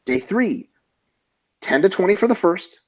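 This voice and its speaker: Co-hosting a casual webinar, a man fields viewer questions bluntly, swearing freely and joking while walking through training plans step by step. His high-pitched voice is very animated, though his pace stays measured. The highs in the recording are cut off.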